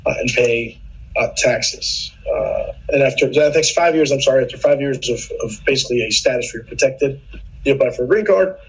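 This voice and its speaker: A man's voice: mid-range voice, husky, rough recording. A man, a podcast guest, explaining immigration policy in casual political chat, earnest and patient, often restarting his sentences.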